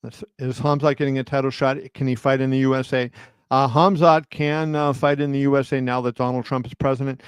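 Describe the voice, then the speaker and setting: Animated storytelling man, dry sound. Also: medium pitch, a little fast, clean tone, no echo. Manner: animated storyteller, many fillers and restarts; acts out quotes with raised voice. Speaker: boxing journalist and stream host. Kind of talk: casual live-stream storytelling. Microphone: home setup on a live video stream.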